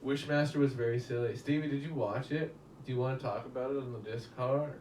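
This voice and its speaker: A man's voice: mid-range voice, steady tone, a little fast, a little mellow. A man in a casual live-stream movie review, talking to his chat in a rambling, chatty way and swearing casually. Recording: roomy echo, mic at a distance, faint background hum.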